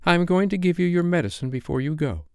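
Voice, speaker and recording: Man playing a motherly girl, high and pleading, coaxing, dry booth sound. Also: fast talker, clear, resonant tone, no echo. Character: motherly fussing young girl.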